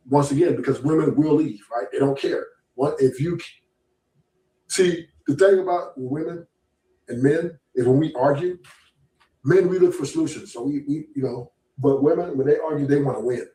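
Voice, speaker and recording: A man's voice: medium pitch, dark tone. A man hosting a casual podcast talk, rambling and often checking in with his listeners by asking "right?". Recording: roomy echo.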